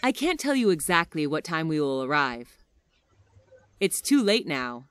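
Woman for a language lesson: reads phrases slowly with lots of pitch movement, dry close sound. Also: clean tone, dry recording. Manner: expressive, careful enunciation. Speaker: English phrase reader. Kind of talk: slow, clear reading of practice phrases.

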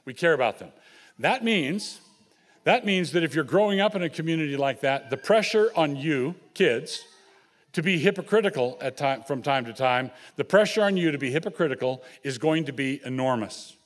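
An older man delivers a sermon from the pulpit in a slightly raised pitch. He talks in an earnest, plain way, repeating phrases for emphasis. He often addresses the children directly. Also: expressive, normal speed. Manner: earnest preaching with repetition and asides to children. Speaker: pastor.

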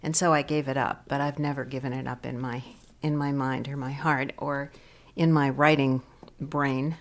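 An older woman, a poet and professor, reading her poems aloud slowly and deliberately at a library event, letting phrase endings drop to a soft whisper. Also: extremely low pitch, flat delivery. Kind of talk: poetry reading.

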